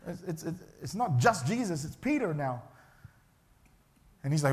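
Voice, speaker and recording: A man's voice: sits high, moderate pace, long pauses. A male pastor, preaching a sermon in a church and acting out the people in his story. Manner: animated, acts out the characters' voices.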